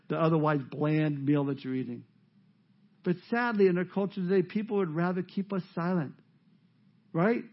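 A man preaching a sermon as pastor, emphatic and rising to loud peaks. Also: high voice, dull audio.

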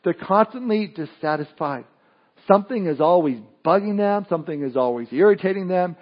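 Male preacher, casual sermon delivery with frequent restarts, slightly high voice, lo-fi capture. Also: expressive, a little fast. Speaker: pastor.

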